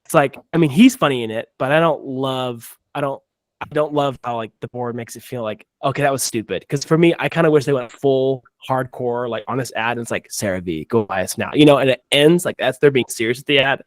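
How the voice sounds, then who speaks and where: A man's voice: medium pitch, brisk, no room sound. Chatty man hosting an ad-review podcast. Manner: rambling, animated, many restarts and acted-out quotes. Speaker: podcast host reviewing ads. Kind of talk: casual chat.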